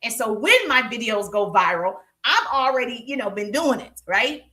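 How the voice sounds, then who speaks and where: Woman, live-stream sales coach, upbeat and repetitive, fairly high voice. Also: moderate pace, echoey room. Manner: energetic, repetitive, laughs often. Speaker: social media sales coach.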